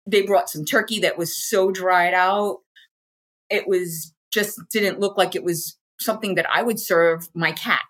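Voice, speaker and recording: Unhurried and steady, her fairly low voice carries a slight brightness. This American interview guest speaks candidly and informally about a personal experience, voicing the things others said to her.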